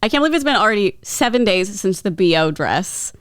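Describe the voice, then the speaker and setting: A woman's voice: medium pitch, very animated, brisk, smooth, no echo, studio quality. A woman co-hosting a podcast, chatting casually with lots of laughter and filler words. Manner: chatty, giggly, lots of likes. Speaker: podcast co-host. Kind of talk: casual chat.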